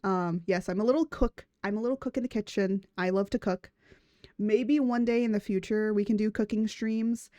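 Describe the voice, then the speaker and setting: A woman streamer chatting casually from a room at home, giggly and rambling, often tripping over her own words. Her voice sits at an ordinary pitch. The sound is dry and close, with little room in it. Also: fairly even intonation, normal speed, mellow, no room sound. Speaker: VTuber streamer.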